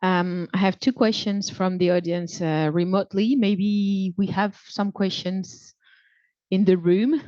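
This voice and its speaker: A woman moderator taking audience questions at an event. She speaks slowly and with some hesitation. Her voice is mellow, and the sound is dry and slightly dull. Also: medium pitch, fairly even intonation, no room sound.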